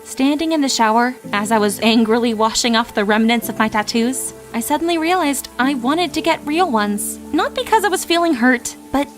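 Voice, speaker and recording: A young woman tells a first-person story with lots of drama and emotion. Her voice is bright and high, and faint background music plays under the narration. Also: animated, moderate pace, few pauses. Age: young adult.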